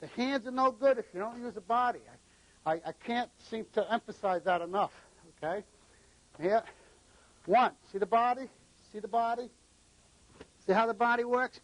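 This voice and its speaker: A man's voice: extremely high pitch, moderate pace, long pauses, low-quality recording. A middle-aged man from New England, a martial arts instructor who gives short commands and counts out the moves during a live demonstration.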